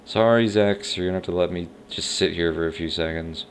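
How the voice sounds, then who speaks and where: A man's voice: sits low, a little fast, a little hiss or hum. A man giving casual gameplay commentary, rambling and unsure of himself as he thinks aloud. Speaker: let's play host. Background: faint game music.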